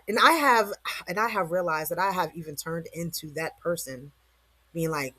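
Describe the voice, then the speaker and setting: A woman's voice: fairly low pitch, moderate pace, bright, forceful tone, dry recording. A woman vlogger giving a casual motivational monologue, slangy and rambling, full of rhetorical questions.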